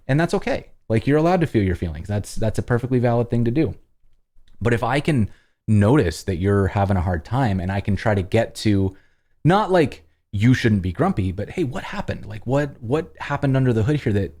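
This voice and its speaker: Deep, mellow-voiced man answering questions. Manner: thoughtful, rambling with restarts, acts out quoted voices. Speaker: host answering viewer questions. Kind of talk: casual livestream Q&A.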